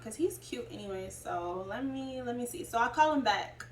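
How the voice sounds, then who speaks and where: A young adult woman vlogger tells a casual personal story, chatty and rambling with lots of asides. Her fairly high voice is a bit bright and at normal speed. She's far from the mic in a roomy space with faint noise.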